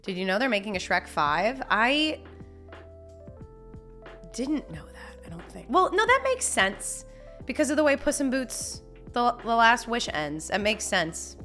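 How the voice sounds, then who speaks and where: A woman's voice: fairly high pitch, very animated, a little slow, bright, forceful tone, soft background music. A young woman chatting casually on a live stream, reading chat messages, laughing often and talking with lots of restarts. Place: home.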